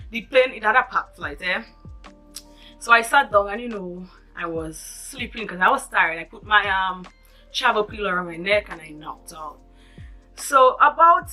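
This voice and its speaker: Bright, animated woman vlogger. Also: medium pitch. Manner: animated, dramatic retelling with asides to viewers. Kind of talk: storytime vlog.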